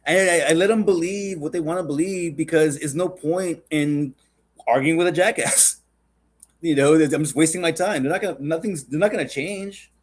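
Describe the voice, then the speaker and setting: A man's voice: fairly high pitch, normal speed. A man hosting a podcast, chatting casually in a rambling, joking and profane way. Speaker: podcast host.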